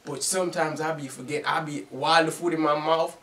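A man's voice: a little high, steady tone, a little fast, fairly bright tone. A man hosting a reaction video, swearing loosely and laughing often as he comments. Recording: echoey room, distant mic, noisy.

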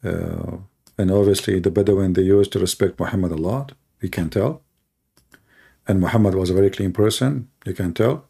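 Male apologist, mellow, gravelly voice, dry sarcastic delivery. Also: sits low, normal speed. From Middle East. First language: Arabic. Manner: sarcastic, mocking. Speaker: Christian apologist. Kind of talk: mocking commentary and anecdotes.

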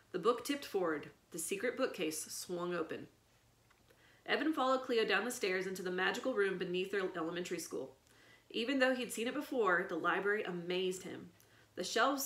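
A woman reading a children's chapter book aloud in an expressive storytelling manner. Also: mid-range voice. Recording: echoey room.

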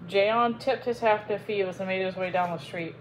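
A woman reads a classic novel aloud for her channel, telling the story with expressive rises and falls. Her voice sits in a middle pitch, with a faint hiss of noise underneath. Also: brisk, poor audio. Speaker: storyteller reading a book aloud.

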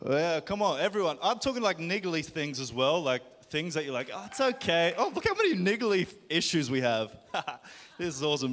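A man's voice: a little high, very animated, a little fast, fairly bright tone. A man in a live church service telling a healing story with frequent laughs, then praying commandingly over the congregation. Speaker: worship leader sharing a healing testimony. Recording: long hall reverb.

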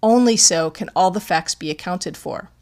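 Woman reading a grave young lady detective in a storybook reading, quiet and murmuring. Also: lowish voice, normal speed, lightly acted. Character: young female society detective, shaken and grave.

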